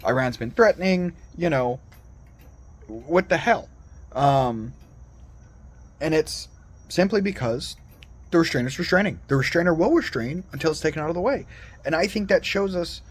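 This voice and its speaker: A man's voice: a little high, animated, normal speed, pauses often. A man giving a rambling, earnest solo monologue as a Christian video commentator, full of digressions and restarts.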